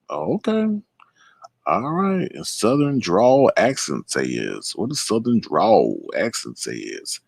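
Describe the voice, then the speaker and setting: Gravelly, animated male stream host. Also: mid-range voice, a little slow, dry recording, studio quality. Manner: chatty, greets chat viewers by name, rambling asides. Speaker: late-night livestream host. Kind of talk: casual live-stream commentary.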